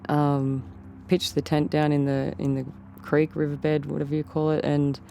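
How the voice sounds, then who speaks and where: A woman's voice: sits low, monotone, normal speed, gravelly, dark tone, slight background noise. A woman with an Australian accent, telling an interviewer a story in a rambling way and often repeating and rephrasing herself. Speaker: interview guest. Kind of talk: casual storytelling.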